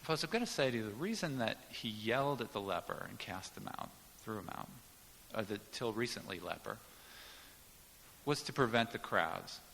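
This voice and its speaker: A man's voice: on the low side, lively intonation, normal speed, vocal fry, a bit bright, long reverb tail, slight background noise. A man preaching a sermon, teaching in an emphatic way and explaining Greek words to the congregation. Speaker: pastor.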